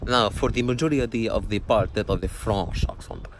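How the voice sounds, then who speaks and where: A young man putting on an exaggerated French accent, speaking slowly and over-formally. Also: on the low side, big pitch swings, noisy background. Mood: mock French.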